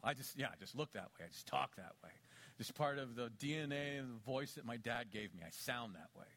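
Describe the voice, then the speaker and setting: A middle-aged male pastor preaching a sermon, swinging between quiet low asides and loud emphatic peaks.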